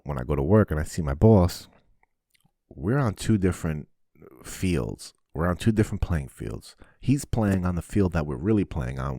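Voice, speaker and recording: A man hosting a podcast, giving a casual, animated monologue full of swearing. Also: rumbling low, no room sound, clean studio sound. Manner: swears often, animated and preachy. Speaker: podcast host.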